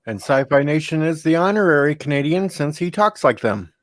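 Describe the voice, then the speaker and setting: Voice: medium pitch, animated, no room sound. Teasing voice-chat co-host, dry sound. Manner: teasing, quick joke-telling. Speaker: stream co-host. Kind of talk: casual stream chat.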